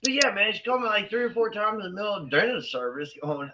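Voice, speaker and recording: A man's voice: high-pitched, fast talker, few pauses, background noise. A man hosting a casual stream chat, laid-back and swearing. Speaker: host. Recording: dull lo-fi sound.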